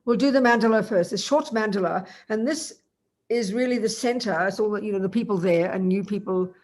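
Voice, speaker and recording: A woman's voice: medium pitch, fairly quick, a little mellow. Chatty woman giving a Buddhist teaching. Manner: chatty, asks listeners rhetorical questions. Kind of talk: informal dharma teaching.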